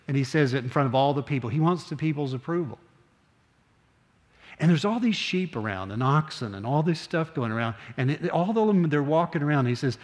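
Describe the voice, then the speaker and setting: Older pastor preaching in a reverberant sanctuary. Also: male voice, medium pitch. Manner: earnest, slows down on key phrases, conversational asides. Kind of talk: sermon. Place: church sanctuary.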